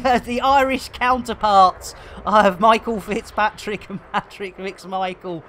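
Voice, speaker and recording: Slow, jokey man streaming a game. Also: high-pitched, steady tone, bright, forceful tone. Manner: jokey, punning, full of cheeky wordplay. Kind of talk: live gameplay commentary.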